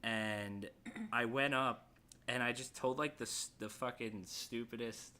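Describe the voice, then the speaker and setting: A man chatting casually on a podcast, his voice bright and forward. He rambles through his stories and swears freely as he goes. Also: medium pitch, measured pace. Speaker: podcast co-host. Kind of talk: casual chat.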